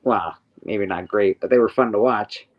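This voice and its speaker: A man's voice: fairly low pitch, moderate pace, highs cut off. Laid-back man hosting a casual podcast. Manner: laid-back, laughs easily, swears casually. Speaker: podcast host. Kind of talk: casual chat.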